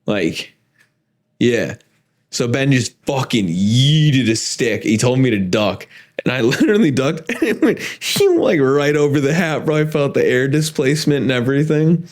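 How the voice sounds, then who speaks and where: A young man hosting a podcast, telling a story in a casual, profane, animated way with frequent laughter. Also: medium pitch, moderate pace. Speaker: podcast host.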